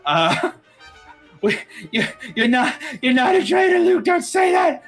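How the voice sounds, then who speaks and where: A man voicing a loyal, desperate young male companion who pleads and shouts. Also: high-pitched, very animated, slow pace, faint music behind, pitched above the performer's own voice, full character voice. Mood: pleading.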